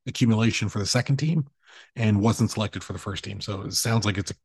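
Gravelly low-voiced man, rambling chat. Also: quick pace, no echo. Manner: rambling, swears, animated storytelling. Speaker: podcast co-host. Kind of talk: casual chat.

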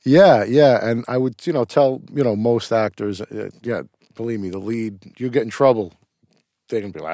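Gravelly middle-aged guy, rambling, swears casually, dry mic. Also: on the low side, normal speed, warm tone, no echo. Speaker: actor, interview guest. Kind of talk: casual interview storytelling.

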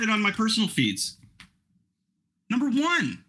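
Chatty man with a bright husky voice. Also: mid-range voice, lively intonation, brisk. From Canada. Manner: chatty, rambling, self-mocking. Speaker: podcast host. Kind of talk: casual chat.

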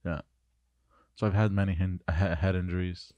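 A man co-hosting a podcast, telling rambling, halting childhood stories in casual chat. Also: sits low, steady tone, no room sound, dull audio. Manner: rambling, forgetful, halting storyteller. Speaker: podcast co-host.

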